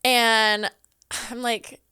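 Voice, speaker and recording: Chatty young woman with a clear, high voice. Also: flat delivery, extremely slow, sharp tone, no room sound, clean studio sound. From Southern California. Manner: chatty, heavy on "like", acts out her own past lines. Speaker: podcast guest. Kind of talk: casual storytelling. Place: podcast studio.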